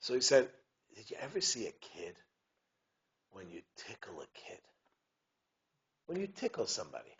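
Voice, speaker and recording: A man, a rabbi, giving a lively community talk. He digresses, keeps asking his listeners if they understand, and chants Hebrew verses. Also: fairly low pitch, moderate pace, long pauses, lo-fi sound.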